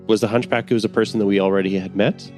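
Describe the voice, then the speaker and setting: Deep-voiced hesitant man player. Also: steady tone, rapid-fire, darkish tone, faint music behind. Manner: hesitant, searching for words. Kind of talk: casual chat at the gaming table.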